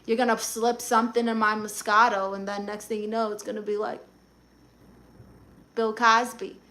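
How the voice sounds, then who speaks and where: A woman's voice: medium pitch, monotone, fairly quick, a bit bright. A woman hosting a live stream, reading viewers' comments aloud and answering them in a sassy, blunt, teasing way.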